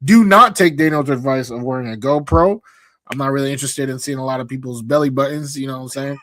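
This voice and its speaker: Upbeat male co-host, relaxed sports chat, mid-pitched. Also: quick pace, dry recording. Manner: easygoing, upbeat, many fillers. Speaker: podcast co-host. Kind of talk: casual sports talk.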